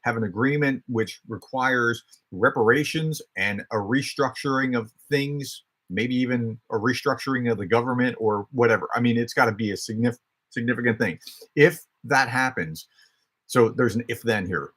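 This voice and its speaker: A man's voice: medium pitch, normal speed, fairly bright tone, slightly rough. A man hosting a casual question-and-answer stream, explaining his views in a conversational, thinking-aloud way with frequent restarts. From United States. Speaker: host answering viewer questions.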